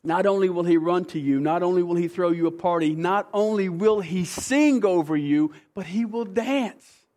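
A man preaching a sermon, emphatic and animated, swinging between hushed tenderness and excited outbursts. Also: high voice, normal speed, few pauses. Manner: animated, emphatic preaching with sudden shifts between soft and loud. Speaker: pastor.

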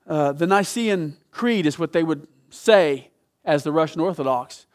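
A man preaching a sermon, telling a story with dramatic swings from loud emphatic peaks to hushed, low passages. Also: animated, unhurried.

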